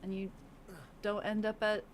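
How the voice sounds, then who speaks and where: A woman's voice: medium pitch, level tone, normal speed, slight background noise. A woman with a Southern US accent chatting casually on a livestream, laughing often. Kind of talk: casual chat.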